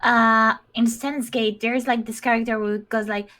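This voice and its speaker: Female guest, slow and hesitant, bright high tone, shy short replies. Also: little pitch movement. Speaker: workshop guest. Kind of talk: casual chat.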